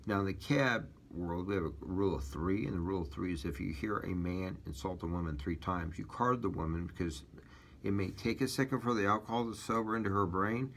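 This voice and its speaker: Deep-voiced rambling Midwestern man. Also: a little fast, vocal fry, fairly bright tone, a little hiss or hum. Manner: rambling storytelling with many fillers and restarts. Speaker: taxi driver sharing his religious testimony. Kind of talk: casual personal testimony.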